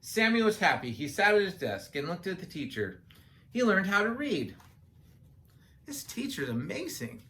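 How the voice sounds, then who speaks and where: A woman's voice: mid-range voice, very animated, normal speed, a bit bright, a little hiss or hum. A woman reading a children's picture book aloud, adding playful, chatty asides to young listeners. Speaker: children's story reader.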